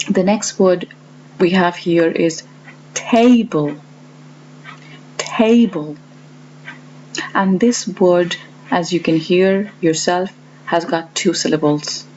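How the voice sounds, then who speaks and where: A woman teaching a lesson, explaining step by step and slowly stressing each example word. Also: fairly low pitch, darkish tone. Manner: slow and deliberate, stresses example words. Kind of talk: explaining to learners. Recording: dull lo-fi audio with faint hum.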